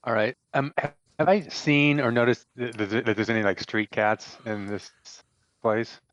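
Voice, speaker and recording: A man playing a tabletop game, explaining his character's moves in a halting, excitable way. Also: medium pitch, dull audio. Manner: halting, excitable, lots of fillers and restarts. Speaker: player. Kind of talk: casual tabletop play.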